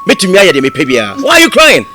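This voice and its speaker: A man's voice: high-pitched, wildly swooping pitch, a little fast, sharp tone, faint music behind, full character voice. An actor playing an earnest young royal who pleads with his fiancée and mixes Twi and English. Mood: insistent. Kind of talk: film drama acting.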